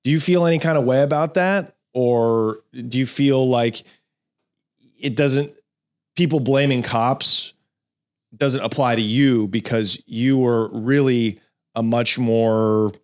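A man's voice: mid-range voice, slow pace. A man hosting a podcast interview, asking informal questions and reacting with short affirmations. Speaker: podcast host. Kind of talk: casual interview.

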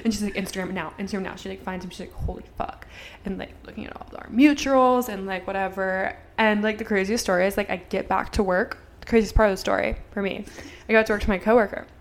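A woman's voice: mid-range voice, fairly even intonation, fast, slight background noise. A young woman in her twenties co-hosting a podcast, telling a story in casual chat, full of fillers and acted-out bits of dialogue. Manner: chatty, filler-heavy, acts out dialogue with swearing. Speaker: podcast co-host.

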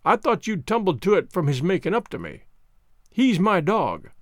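A man doing a slow, drawling Klondike musher. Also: sits high, big pitch swings, dry recording, clean studio sound. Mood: plain-spoken. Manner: slow drawling folksy speech. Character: rough male Klondike dog musher, slow, blunt.

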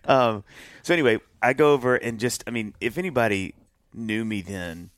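A man telling a story in a casual interview, animated and acting out voices of the people in it. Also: fairly low pitch, normal speed, slight background noise. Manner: animated, acts out voices of himself and others in his stories. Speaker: musician telling his love story.

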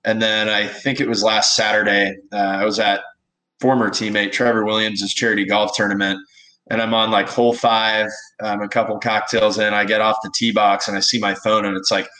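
A young man from Texas, a guest telling stories in a relaxed, casual interview, with many fillers. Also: on the low side, fairly quick, low-quality recording. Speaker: guest, baseball pitcher.

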